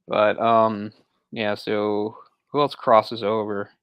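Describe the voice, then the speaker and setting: A man's voice: lowish voice, little pitch movement, takes it slowly, clean tone, dry recording, muffled recording. A man co-hosting a movie discussion podcast, talking in a rambling, self-correcting way with frequent chuckles. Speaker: podcast co-host.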